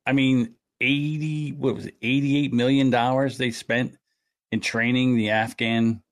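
A man hosting a podcast in casual comedic chat, talking in an animated, sarcastic, ranting way. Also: mid-range voice, measured pace. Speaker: podcast host.

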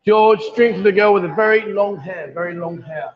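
This livestream host is a man with a high voice and a moderate pace, chatting and teasing from a busy bar with a pool table, where everyone is darling to him. His casual bar banter comes through dull, lo-fi audio over the chatter of the bar crowd.

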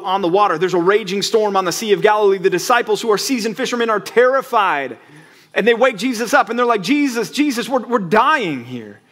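A man preaching from the pulpit, his voice sitting a little higher than most men's. He talks in a conversational way, asks his listeners rhetorical questions, and acts out the quotes he tells. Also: fairly bright tone. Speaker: pastor. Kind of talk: sermon.

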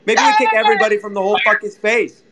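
A man's voice: high voice, steady tone, very fast, a loud crowd. A man co-hosting an online audio chat, swearing and complaining sarcastically. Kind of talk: heated casual chat.

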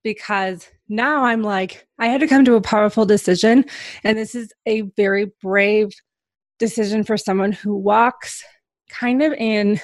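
A woman's voice: mid-range voice, steady tone, a little slow, no echo. A woman guest on a podcast, candidly telling a personal story in a reflective way, often hedging with small fillers.

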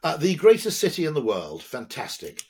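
An older British man talking in a lively, rambling way as a podcast guest, often checking in with "okay?". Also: a little high, normal speed. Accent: British English. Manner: animated, digressive, tags lines with "okay?". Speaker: guest, advertising executive.

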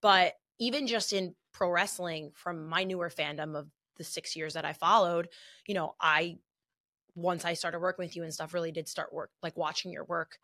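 A woman's voice: on the low side, bright, forceful tone. Chatty, gushing woman podcast host. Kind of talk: casual podcast chat.

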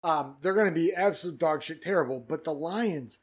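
A man co-hosting a casual podcast, joking crudely and riffing into loud mock sales pitches. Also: brisk, husky. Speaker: podcast co-host. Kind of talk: casual chat.

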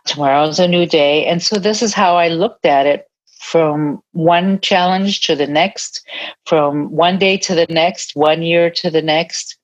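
Low-voiced older woman telling her story. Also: slow. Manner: earnest, reflective, laughs softly now and then. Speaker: guest, retired army nurse practitioner. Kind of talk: interview, personal storytelling. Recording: dull lo-fi sound.

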